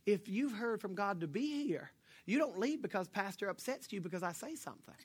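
A man pastor preaching a sermon, telling a personal story with jokes and swinging between hushed and loud delivery. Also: sits high, brisk, slightly rough. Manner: animated, joking storyteller, swings from quiet to loud.

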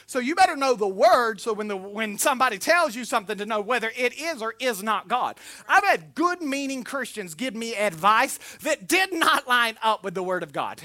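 A man from Florida with a Southern accent, preaching a sermon in a folksy, humorous way, swinging between loud and soft. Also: extremely high pitch. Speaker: pastor.

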